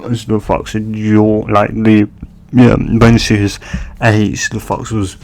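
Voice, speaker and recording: Man, low flat slow voice, halting casual fan-story narration. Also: vocal fry. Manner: halting, many fillers and restarts.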